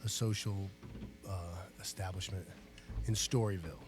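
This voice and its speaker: A guest musician, a guitarist and singer, chats casually in a music studio, easygoing and rambling, with fillers and restarts. He has a low voice at a moderate pace.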